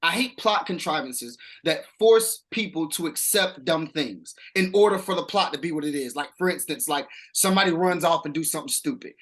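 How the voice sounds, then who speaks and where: A man giving a casual film review, animated and emphatic, swearing now and then. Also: on the high side, brisk, few pauses. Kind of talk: casual chat.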